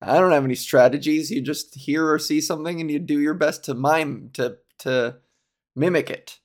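A man's voice: fairly high pitch, normal speed. A man hosting his own solo podcast, chatting casually in a giggly, rambling, improvised way as a comedian. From Ontario, Canada. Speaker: podcast host.

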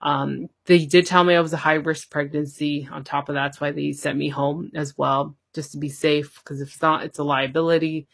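Chatty and full of fillers, a woman on a podcast shares a personal story, acting out quoted dialogue as she goes. Her low, gravelly voice is a bit bright, stays fairly flat in pitch, and runs at normal speed with hardly any pauses. The studio-quality audio has no echo.

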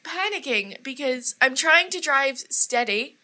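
A young woman with a bright, fairly high voice co-hosts a casual podcast. She tells her stories with plenty of drama and laughs often. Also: unhurried. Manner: animated, dramatic storyteller who laughs a lot. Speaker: podcast co-host. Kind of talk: casual chat.

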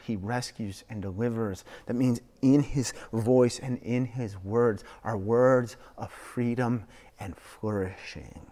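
A man in his thirties preaching a sermon as a pastor, animated, swinging between hushed and loud delivery. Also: mid-range voice. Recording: long reverb of a large hall.

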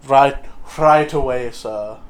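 A man's voice: medium pitch, slow, close to an everyday voice. A man voicing a deferential, bland male podcast cohost who mumbles politely and repeats himself. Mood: politely bored. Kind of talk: improvised comedy character.

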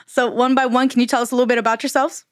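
A woman's voice: a little high, little pitch movement, very fast. A woman hosting a podcast, bubbly and playful, with folksy sayings. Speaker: podcast host. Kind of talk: casual podcast interview.

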